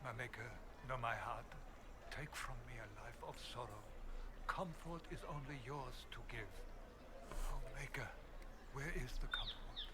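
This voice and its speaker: A man's voice: mid-range voice, moderate pace, close to an everyday voice. An actor playing an anguished, devout man praying fervently in a video game. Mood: despairing. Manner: solemn, fervent. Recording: game audio with clear background noise.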